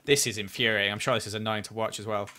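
A man's voice: on the low side, steady tone, rapid-fire, pushed and bright. A man chatting through a live game stream, criticizing his own play and flaring up at near misses. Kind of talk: live gameplay commentary.

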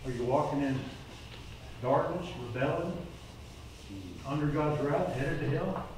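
A man's voice: a little high, unhurried, noisy background. An older man preaching a sermon to a recovery program group, earnest and plain-spoken, rising to urgent exhortation. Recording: echoey room, voice from far off mic.

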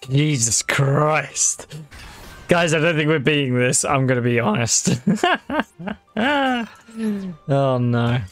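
Male gaming creator, casual and dry, swears easily, voice sits a bit high. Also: expressive, a little slow, soft background music. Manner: wry, swears freely, talks to viewers. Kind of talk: casual gameplay commentary.

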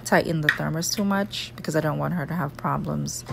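This recording is very noisy: a woman in her thirties with a Jamaican accent and a deep, gravelly voice talks fairly quickly. In her home kitchen she casually vlogs her morning routine, chatting and explaining each step in a relaxed way.

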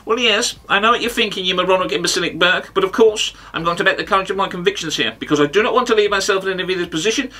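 A brash, self-important football pundit, put on by a man in a comedy sketch, hurling pompous insults. The voice is high and very sharp. It sits a little away from the microphone. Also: far from the mic. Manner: pompous, insult-heavy mock bravado.

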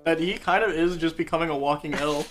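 A man's voice: on the high side, quick pace. A young man streaming and telling a story in casual chat, laughing often and acting out what others said. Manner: animated, laughing, acts out quotes.

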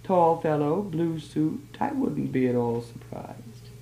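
A sly newsdealer teases with mock helpfulness, drawing out his words, as a woman reads him. The low, gravelly voice sits in a roomy old archive recording. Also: lively intonation, slow pace, warm tone, heavily acted. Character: sly, mocking male newsdealer.

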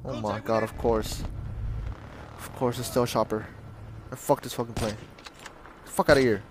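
Excitable, profane young man gaming. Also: medium pitch, normal speed, a little hiss or hum. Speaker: gamer. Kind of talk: casual gameplay commentary.

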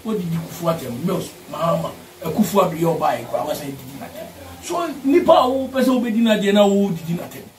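Fiery Ghanaian man, high voice, echoey. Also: very animated, fairly quick. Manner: forceful, repeats lines for emphasis, mixes English and Twi. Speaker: party supporter. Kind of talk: heated political rant. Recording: echoey room, distant mic, faint ambience.

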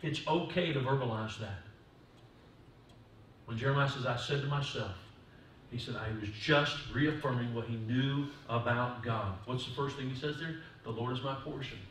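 A male pastor giving a sermon in a church, moving from quiet talk to loud preaching. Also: mid-range voice, moderate pace, slight background noise. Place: church sanctuary. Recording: distant mic in echoey church hall.

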